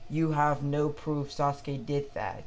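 A man's voice: a little high, steady tone. A man voicing a cold, stern old male elder in a stumbling read-aloud story. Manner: halting, stumbling reading.

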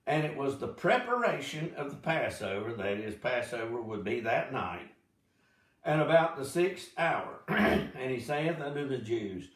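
Guy reading the bible aloud for a study group, slow and expressive, pausing for little notes, roomy echo, mic kinda far. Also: mid-range voice. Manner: slow, dramatic scripture reading with asides. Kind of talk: reading scripture aloud with commentary. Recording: echoey room, mic at a distance.

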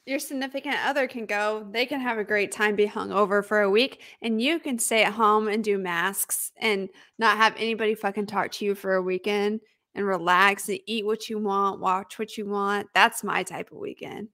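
A woman's voice: medium pitch, fairly even intonation, normal speed, pushed and bright. A woman co-hosting a casual podcast, blunt and swearing freely, with "like" scattered through her speech. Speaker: podcast co-host.

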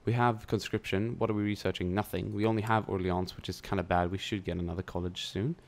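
A young man with a very low voice talks through his turns in a strategy game, chatty and loose. He thinks aloud as he plays, with the odd swear word. He speaks close to a desk mic. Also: fairly even intonation, fast talker, slight background noise. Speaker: gameplay commentator. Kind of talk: casual let's-play commentary.

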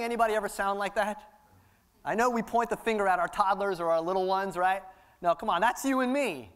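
High-voiced impassioned male preacher. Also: a little fast, a bit bright, smooth. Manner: impassioned, repetitive preaching cadence. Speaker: pastor. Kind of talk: sermon. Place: church sanctuary.

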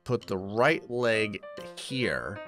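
A young man commentating a video game, excitable and joking, laughing often as he plays. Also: lowish voice, extremely slow, music in the background. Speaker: gaming YouTuber. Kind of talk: let's-play commentary.

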